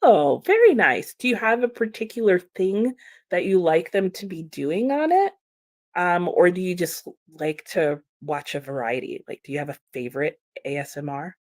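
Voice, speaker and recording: A woman's voice: on the low side, sing-song, moderate pace, a little mellow, no echo, clean studio sound. A young woman with an American accent, hosting a casual livestream and chatting with viewers, laughing often as she reads their comments. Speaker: livestream host reading chat.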